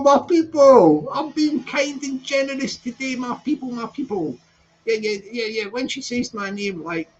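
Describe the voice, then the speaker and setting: A man chatting casually on a live stream from his flat, repeating phrases and laughing a lot as he greets viewers. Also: very high voice, lo-fi sound. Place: flat with balcony door open.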